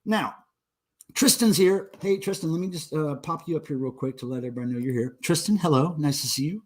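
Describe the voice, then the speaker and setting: A man's voice: a little high, a little fast. A man in his forties hosting a casual livestream, drinking beer and joking crudely with viewers in the chat. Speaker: livestream host.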